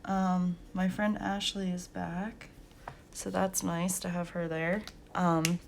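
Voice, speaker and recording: A woman's voice: lowish voice, little pitch movement, takes it slowly, vocal fry, slight background noise. A young woman hosting a coloring channel, chatting casually and telling work stories with lots of laughs and fillers. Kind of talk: casual chat while coloring.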